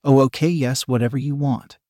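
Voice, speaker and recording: A man's voice: mid-range voice, steady tone, brisk, dark tone, no echo, lightly acted. Frightened woman, trembling pleas, stammering, read by a man, dry recording, adult audio story.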